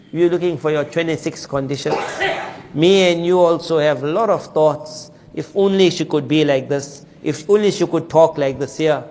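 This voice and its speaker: A man preaching a sermon, telling stories with acted dialogue. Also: fairly high pitch. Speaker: Islamic preacher. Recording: reverberant hall.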